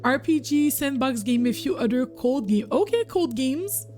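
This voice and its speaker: A woman's voice: high voice, expressive, normal speed, dark tone. Chatty bilingual streamer woman. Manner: chatty, switches between French and English, reacts to the game. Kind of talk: casual livestream commentary. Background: game music.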